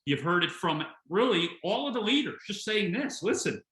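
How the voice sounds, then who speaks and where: A man's voice: sits high, very animated, moderate pace, sharp tone, roomy sound, poor audio. A man speaking as company president in a motivational webinar, emphatic and full of rhetorical questions and repeated phrases. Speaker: company president addressing distributors.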